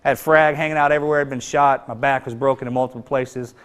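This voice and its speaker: A man telling a personal combat story in plain, earnest speech, his voice often sinking low and quiet. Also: steady tone, quick pace, clean tone. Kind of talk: spoken personal account to an audience.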